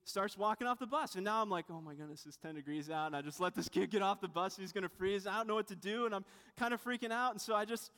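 A man's voice: sits high, fast talker, hardly any pauses, bright, forceful tone. A man preaching a sermon in a conversational, storytelling way, often restarting and adding asides. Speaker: pastor. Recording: long hall reverb.

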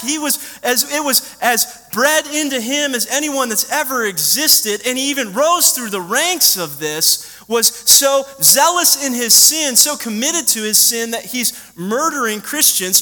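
A man preaching a sermon in a church, telling a lively story and quizzing the children in the pews. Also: high voice. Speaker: pastor. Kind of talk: sermon to a congregation. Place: church sanctuary. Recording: long hall reverb.

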